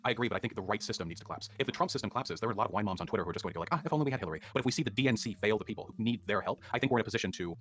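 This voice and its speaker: A man's voice: lowish voice, a bit bright. A man debating politics earnestly, laying out his case point by point. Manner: earnest, argumentative, quick.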